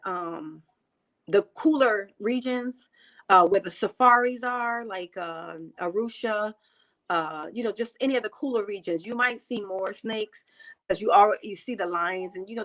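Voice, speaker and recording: A woman's voice: mid-range voice, a bit bright, low-quality recording. A woman from the United States, a guest on a video call interview, talking casually and repeating herself, with lots of "you know". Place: home in Tanzania.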